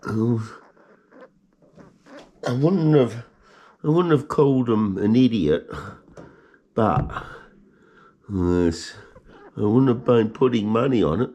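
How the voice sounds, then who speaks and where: Slow, husky man cooing at pets. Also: fairly low pitch, warm tone. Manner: fond, coaxing, keeps asking "Hey?". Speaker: pet owner filming his rats. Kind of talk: casual chat to pets.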